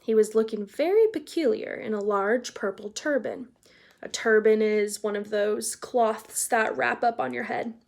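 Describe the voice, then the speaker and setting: A woman's voice: on the high side, unhurried, vocal fry, darkish tone. Chatty woman reading aloud to kids. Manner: chatty, explains words for young listeners. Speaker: read-aloud narrator. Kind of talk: casual children's read-aloud.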